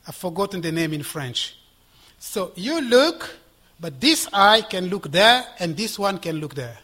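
Impassioned high-voiced preacher, husky and bright. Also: male voice, sing-song, unhurried. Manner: impassioned, swinging from loud exhortation to hushed whispers. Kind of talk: sermon.

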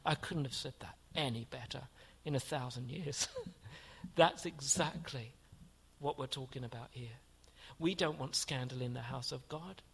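A man's voice: fairly high pitch, gravelly, fairly bright tone, husky. Earnest man preaching a sermon. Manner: reads aloud from a commentary; earnest, rhetorical questions to the congregation.

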